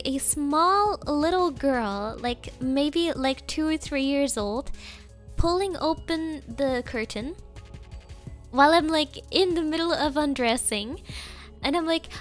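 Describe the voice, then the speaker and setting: Young female streamer, high voice, slow unhurried delivery, giggly rambling chat, light music underneath. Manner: giggly, rambling storytelling with fillers. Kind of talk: casual chat.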